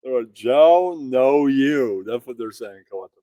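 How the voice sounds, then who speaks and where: A man's voice: medium pitch, expressive, normal speed, dark tone, no room sound. A man hosting casual comedic banter, ribbing others in a mocking, profane way.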